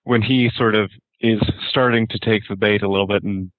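Low-voiced man on a tinny phone line. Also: brisk, dry recording. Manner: steady recap with frequent mm-hmms. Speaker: podcast co-host. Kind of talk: casual book discussion.

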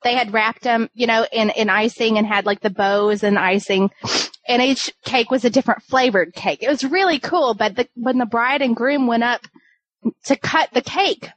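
A woman's voice: a little high, normal speed, low-quality recording. A woman, a wedding photographer, telling a story in casual podcast chat, rambling with many fillers and restarts.

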